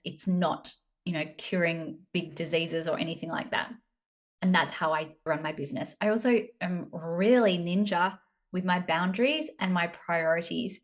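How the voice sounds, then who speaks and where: Chatty Australian woman podcaster. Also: fairly low pitch. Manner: chatty and self-deprecating, with playful asides. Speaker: podcast host, business coach. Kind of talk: casual solo podcast talk.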